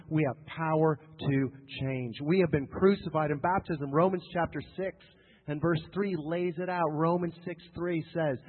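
A man's voice: a little high, normal speed. Male preacher, sermon delivery, repetitive and emphatic with jokes, echoing church hall, tinny lo-fi capture. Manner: emphatic and repetitive, with joking asides to the congregation. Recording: tinny lo-fi sound with long hall reverb.

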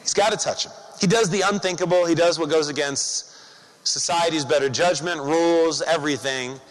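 A man's voice: on the high side, normal speed. A man preaching a sermon to his congregation, talking conversationally and asking rhetorical questions. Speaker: pastor. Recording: long hall reverb.

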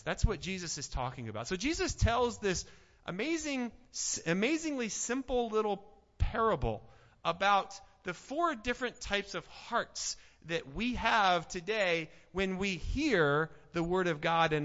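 A man's voice: high voice, sharp tone. A man preaching a sermon with energy, firing rhetorical questions and repeating words. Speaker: pastor. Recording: echoey hall, dull lo-fi sound.

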